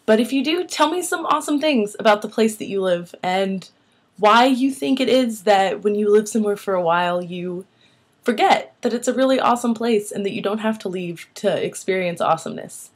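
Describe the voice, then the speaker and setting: A woman's voice: mid-range voice, animated, fairly quick, slightly rough. A young woman talking casually to viewers in a vlog, enthusiastic and asking them questions. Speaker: vlogger.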